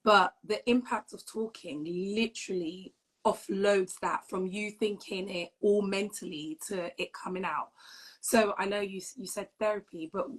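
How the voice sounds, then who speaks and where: A woman's voice: mid-range voice, steady tone, unhurried, rough recording. A woman hosting a live video chat, asking her guest thoughtful, supportive questions. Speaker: host. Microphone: phone on a live video stream.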